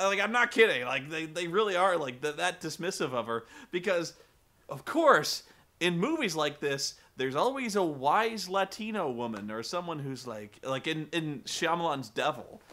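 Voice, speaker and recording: Bright, animated man ranting about a movie. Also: on the high side. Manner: animated, rambling, lots of fillers and swearing. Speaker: vlogger reviewing a film. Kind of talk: casual profane film rant.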